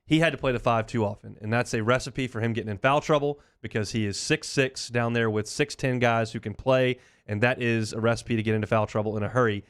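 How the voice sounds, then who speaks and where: A man's voice: medium pitch, steady tone, a little fast, hardly any pauses, smooth. A man hosting a sports talk radio show, chatting in an opinionated, conversational way.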